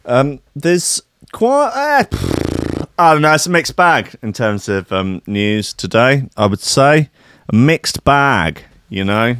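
A man's voice: medium pitch, sing-song, slow, fairly bright tone, slight background noise. A man hosting a casual comedy show, talking in a sweary, rambling and sarcastic way. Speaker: host.

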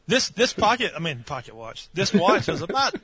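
A man's voice: sits high, sing-song, normal speed, pushed and bright, breathy edge, no echo. A married man chatting on a podcast, slangy and joking with crude humor. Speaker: podcast guest. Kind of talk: casual podcast banter.

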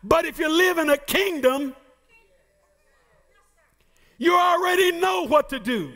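High, bright-voiced shouting preacher. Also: male voice, animated, slow pace. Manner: shouting, sing-song preaching with playful asides. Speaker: pastor. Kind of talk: sermon.

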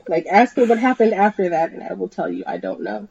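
Woman, intense dramatic reading, mellow dark voice, dry dull recording. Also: medium pitch, fairly quick, gravelly, slightly rough, dry recording. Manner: intense, rising to shouts in tense scenes. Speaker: podcast host and story reader.

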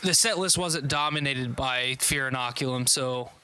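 A man's voice: medium pitch, normal speed, bright, forceful tone, smooth, rough recording. A man in casual chat, recapping a concert he saw in a loose, rambling way with frequent swearing and restarts.

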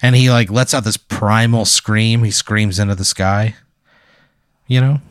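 A man's voice: fairly low pitch, fairly even intonation, a little slow, clear, resonant tone, no room sound, clean studio sound. A man hosting and narrating an improvised second-person story, talking casually and ramblingly with lots of fillers. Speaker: host narrating a hypothetical.

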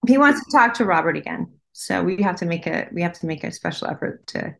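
A woman passes on messages as a medium in a relaxed conversation. She speaks in her everyday voice, hesitant, often breaking off mid-thought to listen before going on. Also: fairly low pitch, a little fast, creaky. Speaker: psychic medium. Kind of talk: casual conversation.

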